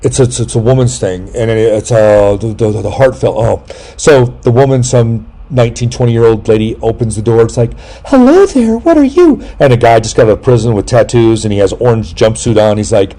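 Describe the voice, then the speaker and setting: A man in casual chat, telling stories in a rambling, animated way, breaking into high voices to mimic people and swearing freely. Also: a little fast.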